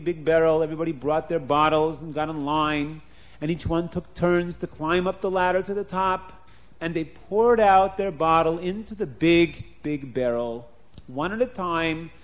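A man telling a folk story to children, animated and repetitive, with sound effects. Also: fairly high pitch.

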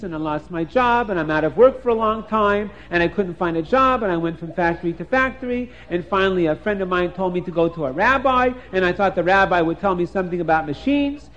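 A man's voice: high-pitched, fairly bright tone. A man voicing a sad, out-of-work mechanic who complains glumly about his lot. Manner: glum, complaining. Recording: dull lo-fi recording.

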